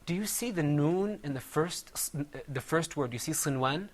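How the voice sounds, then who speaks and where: A man teaching a Quran recitation class, patiently quizzing his students and drilling words slowly with them. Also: on the high side, expressive.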